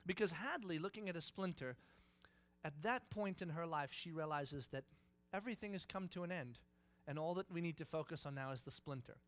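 An animated preacher in his thirties tells a story from the pulpit, swinging from quiet asides to loud acted-out lines. His speaking voice sits a little high for a man, and he laughs as he goes. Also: a little fast. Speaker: pastor. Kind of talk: sermon storytelling.

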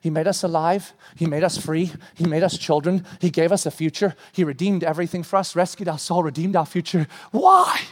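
A man preaching a sermon with animated delivery, acting out dialogue and rising to shouts at his peaks. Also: high-pitched. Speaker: pastor. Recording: long hall reverb.

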